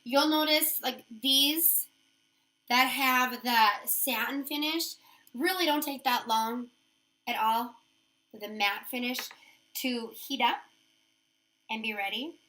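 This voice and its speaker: A woman's voice: a little high, slow pace, long pauses, bright, forceful tone. A woman giving a chatty, upbeat how-to demonstration of nail wraps, talking her steps through as she works. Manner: chatty, upbeat, thinks aloud while working.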